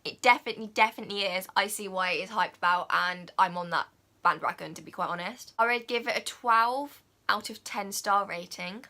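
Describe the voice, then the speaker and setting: A young woman chatting excitedly as a vlogger, gushing and filling her talk with "like" and "oh my God". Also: mid-range voice, a little fast. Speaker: vlogger reviewing a film. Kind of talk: casual chat.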